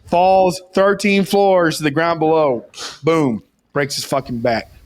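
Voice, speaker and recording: Speaking a little slowly in a slightly high voice, a young man co-hosts a podcast. He tells a long story casually, rambling and cursing, and keeps insisting it's true.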